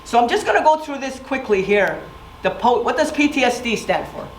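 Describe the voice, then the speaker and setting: Animated and a little fast, a middle-aged woman with a fairly high voice tells stories and asks the audience questions at a community presentation. The recording comes from far off in an echoey room with background noise.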